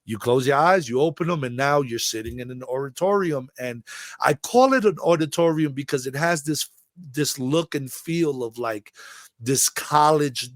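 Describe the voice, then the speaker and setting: A middle-aged man from the Bronx, recounting a long personal story as an interview guest, rambling and halting with many fillers. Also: mid-range voice, dry recording, studio quality. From the Bronx, New York.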